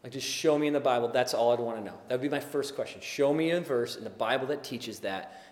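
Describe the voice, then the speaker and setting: A man preaching a sermon as pastor, impassioned and building to emphatic, forceful delivery. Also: medium pitch, quick pace, long reverb tail.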